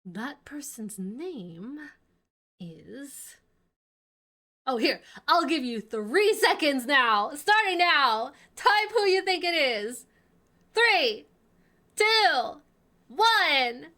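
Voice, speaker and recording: A woman streaming a game, commenting in an excitable, exclaiming way. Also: high-pitched, drawn-out words, long pauses. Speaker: gaming streamer. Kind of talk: let's play commentary.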